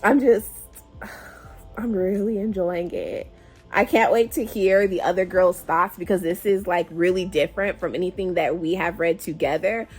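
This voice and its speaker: A woman's voice: on the low side, steady tone, normal speed, a little mellow, breathy edge, soft background music. A woman hosting a casual book club vlog, chatty and emotive, often sighing as she reacts to the story. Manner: chatty and emotive, with frequent sighs.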